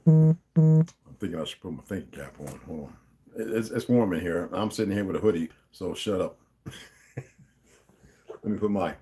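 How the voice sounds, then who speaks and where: Low-voiced man reading aloud with asides. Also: expressive, normal speed, pauses often, dark tone. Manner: rambling, stops to comment and correct himself. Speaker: livestream host reading a novel aloud. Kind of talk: casual read-aloud with commentary.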